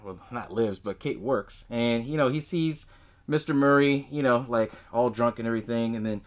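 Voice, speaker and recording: A man's voice: medium pitch, normal speed. A man hosting a podcast, recapping a movie in a loose, profane way and laughing often as he tells it. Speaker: podcast host.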